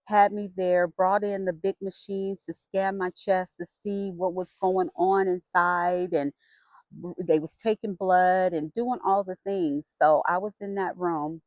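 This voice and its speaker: A middle-aged woman vlogger telling a personal story in a frank, chatty and expressive way. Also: on the low side, unhurried, dry recording. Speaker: vlogger sharing her health story. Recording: dull lo-fi sound.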